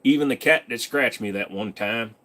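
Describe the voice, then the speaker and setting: Young man, live stream host, casual chat, rambling, joking, reads chat aloud, middle pitch. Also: normal speed, pushed and bright.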